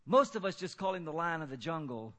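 A man's voice: a little high, lively intonation, a little fast, bright, forceful tone. A man playing a plain-spoken mission worker. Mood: warning.

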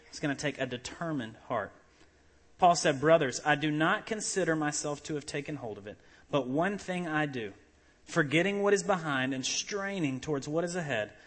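A man in his thirties preaching a sermon, telling animated stories and acting out voices. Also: a little high. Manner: animated storytelling with laughs and acted-out voices. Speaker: pastor.

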